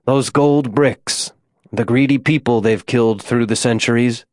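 A man voicing a remorseful middle-aged father confessing in a hushed voice. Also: mid-range voice, measured pace, no room sound, clean studio sound, close to an everyday voice.

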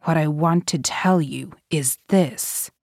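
An agitated, haunted man who speaks low and choked with barely held fury, voiced by a woman reading the story. He presses every word slowly. The sound is dry and close, with no room around it. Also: creaky, a little mellow, no room sound, full character voice. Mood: fierce. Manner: low, choked, furious speech.

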